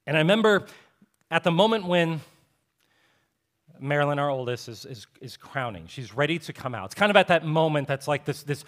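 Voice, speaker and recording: A man in his thirties delivers a church sermon, his voice sitting a little high for a man. He speaks like he is talking with friends, easing into personal stories and poking fun at himself. The feel is easygoing and conversational, not formal preaching. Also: expressive, a little fast, a bit bright. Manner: conversational storytelling with self-deprecating humor. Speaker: pastor. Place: church sanctuary.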